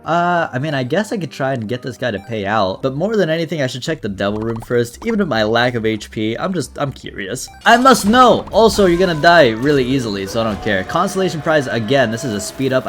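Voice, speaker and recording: A young man giving casual, chatty commentary over a video game, breaking into excited exclamations and quick laughs. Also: mid-range voice. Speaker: gaming YouTuber.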